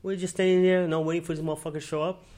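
His voice is a little high and warm, his delivery flat and very fast. A young Miami podcast host, he tells profane street stories casually and acts out the quotes of those in them.

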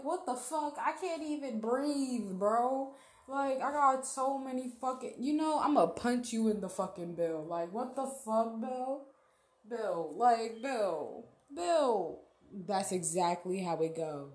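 A woman's voice: on the high side, roomy sound. A woman hosting her own podcast, giving a casual, profane motivational rant in a blunt, slangy way with laughs. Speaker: podcast host.

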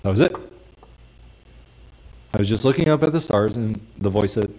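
Conversational male preacher, hushed asides. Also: on the low side, lively intonation, moderate pace, rough recording. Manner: conversational, drops to a soft hush for quiet lines. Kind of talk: sermon.

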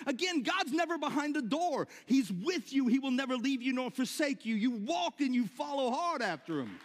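High-voiced animated preacher man in a reverberant hall. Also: moderate pace, hardly any pauses. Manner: animated, repeats words, shouts when excited. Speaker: pastor. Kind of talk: sermon. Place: church sanctuary.

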